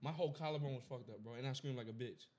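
A man's voice: medium pitch, very fast, darkish tone. A young man co-hosting a podcast in casual chat, teasing his partner and laughing often. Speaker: podcast co-host.

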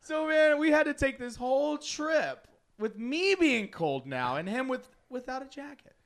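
A man telling a long story in casual chat, animated, laughing often and acting out his friends' lines. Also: very high voice, measured pace, vocal fry.

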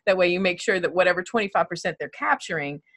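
A woman hosting a casual chat show, running a silly party game, giggly and animated. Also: lowish voice, fast. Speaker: host.

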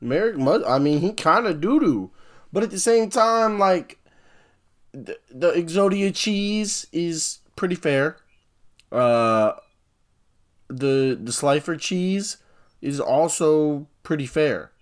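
A man's voice: on the high side, animated, slow pace. A young man co-hosting a podcast, rambling casually in laid-back, slangy talk. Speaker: podcast co-host. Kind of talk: casual chat.

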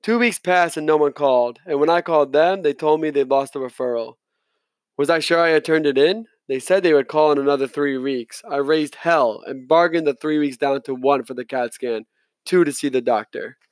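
A man's voice: on the high side, normal speed, no room sound. Man reading a novel aloud, dry sound. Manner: plain reading with occasional slips and restarts. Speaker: audiobook reader. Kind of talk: first-person novel narration.

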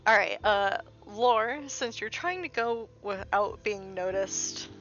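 A woman running a tabletop game as game master on a live stream, laid-back and quick to laugh. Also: mid-range voice, fairly bright tone, dull audio, soft background music.

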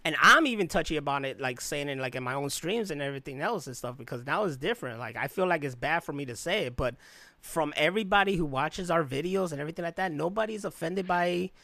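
A man's voice: a little high, expressive, fast talker, pushed and bright, no room sound. A man from Chicago in casual podcast chat, rambling through a personal story and acting out the voices of people he quotes. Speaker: podcast co-host.

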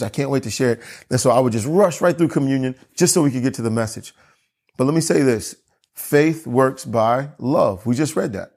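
A man preaching to his church, earnest and emphatic, slowing down on key phrases and correcting himself as he goes. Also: medium pitch, a little mellow. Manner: earnest preaching with pauses, slow emphatic repeats; self-correcting asides. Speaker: pastor. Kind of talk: sermon.

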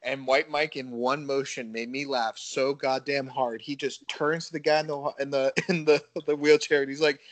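A man in casual podcast chat, an animated storyteller who laughs and swears freely. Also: mid-range voice, moderate pace, few pauses, no echo.

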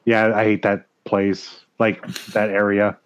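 A man in casual podcast chat, making relaxed wisecracks. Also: on the low side, unhurried, smooth.

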